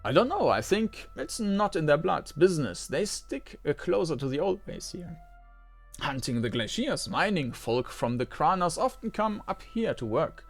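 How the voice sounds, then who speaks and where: A nervous male merchant from an old-school role-playing game, voiced by a man reading the dialogue aloud. He talks in a raised, strained voice, and his answers come out jittery and hesitant. Soft music plays faintly behind him. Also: a little high, sing-song, moderate pace, pitched above the performer's own voice.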